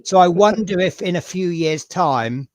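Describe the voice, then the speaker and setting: A man's voice: sits high, animated, a little slow. A man with a Norfolk accent hosting a live stream, talking in a chatty, rambling, self-deprecating way. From Norfolk, England. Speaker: stream host. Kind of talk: casual live-stream chat.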